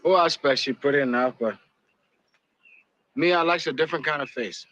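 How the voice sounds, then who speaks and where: An actor playing a proud, calm enslaved African man in a film, speaking softly. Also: a little high, fairly quick, no room sound, lightly acted, rough recording.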